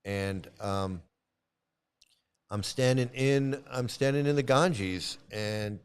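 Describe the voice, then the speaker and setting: A man casually telling a personal story, halting often and repeating his phrases as he restarts. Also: medium pitch, clear, resonant tone. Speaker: vlogger recounting past experiences.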